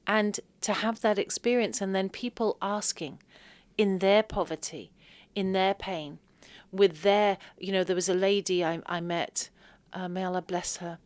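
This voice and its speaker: A woman's voice: medium pitch, fairly even intonation, measured pace, dry recording. A woman on a podcast telling a personal story in an earnest, moved way, with religious phrases woven into her speech. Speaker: podcast guest.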